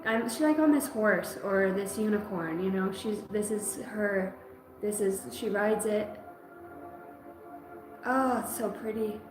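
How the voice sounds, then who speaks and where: A woman giving an intuitive reading in an emotional, halting way, often breaking off mid-sentence. Her voice sits at an ordinary middle pitch. The room sounds roomy, with clear music playing behind her. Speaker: psychic reader.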